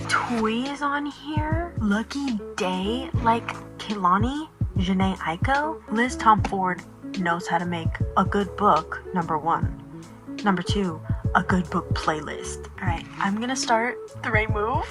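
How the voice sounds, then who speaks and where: A woman's voice: mid-range voice, lively intonation, slow. A young woman talking casually in a vlog diary, chatty and full of "like". She speaks at home into a phone or camera. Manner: chatty, says "like" often. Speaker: book vlogger. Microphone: camera or phone nearby. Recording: music playing behind.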